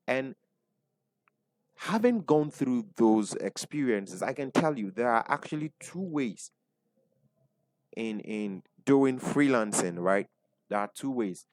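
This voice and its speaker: Ghanaian man, webinar coach, lower voice, dry close sound, keeps asking "right?". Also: expressive, moderate pace, no echo. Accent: Ghanaian English. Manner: repeats points, asks the audience, frequent "right?" tags. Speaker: online business coach. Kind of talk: webinar teaching.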